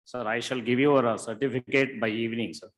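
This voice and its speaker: A man's voice: medium pitch, fairly even intonation, fairly quick, rough recording. A man, announcing speakers at a conference in a formal, courteous way. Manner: formal, courteous, repeats sir. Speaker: master of ceremonies. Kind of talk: stage announcements.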